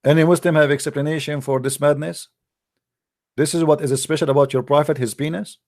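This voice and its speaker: A man's voice: on the high side, steady tone, fairly quick, a little mellow. A man lecturing combatively in a livestream, mocking and scolding his opponents in non-native English. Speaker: religious debater.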